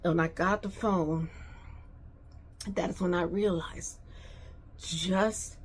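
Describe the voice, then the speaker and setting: A woman's voice: fairly low pitch, steady tone, slow pace, slight background noise. A middle-aged woman vlogger emphatically retelling a personal family story.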